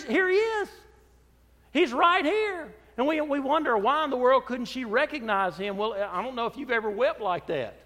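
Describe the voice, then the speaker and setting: A man with a high voice preaches a sermon in a church, his voice trailing into a long reverb. He pushes some phrases out loudly for emphasis, then drops to soft, low asides. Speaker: pastor.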